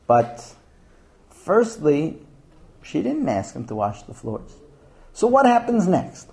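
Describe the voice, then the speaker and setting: A man gives a lively lecture, telling anecdotes and acting out the people in them. He sets out his points one by one. His voice sits a little high, with a soft, mellow tone. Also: takes it slowly, vocal fry. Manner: storytelling, acts out quotes, numbered points. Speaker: speaker giving a talk on marriage. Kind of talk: humorous lecture to an audience.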